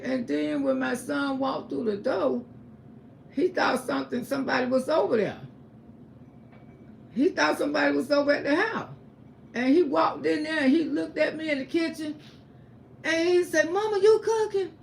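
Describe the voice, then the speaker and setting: Gravelly high-voiced woman testifying. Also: slight background noise. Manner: emphatic, repetitive storytelling. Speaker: livestream host. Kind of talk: emotional religious testimony.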